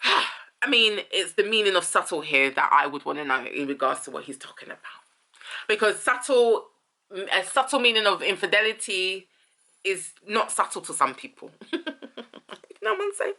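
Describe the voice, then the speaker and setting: Musing woman with bright voice. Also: mid-range voice, animated, normal speed. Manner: musing, thinks aloud, rephrases and trails off. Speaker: host. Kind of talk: casual song commentary.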